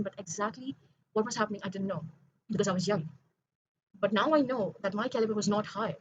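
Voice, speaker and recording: A woman's voice: medium pitch, quick pace, long pauses, dull audio, a little hiss or hum. A young woman in a late-night confessional vlog monologue, rambling, correcting herself and earnest. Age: young adult. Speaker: vlogger.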